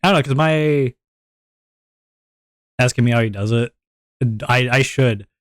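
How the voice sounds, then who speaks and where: Young guy streamer rambling, halting and self-deprecating, mid voice, dry close mic. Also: mid-range voice, clean tone, no echo. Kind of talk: casual live-stream chat.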